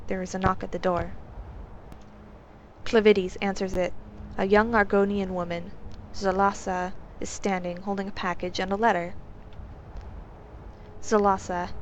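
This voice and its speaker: A woman narrates a game-based story in a calm, subdued voice. Her pitch sits mid-range. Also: moderate pace, a little hiss or hum.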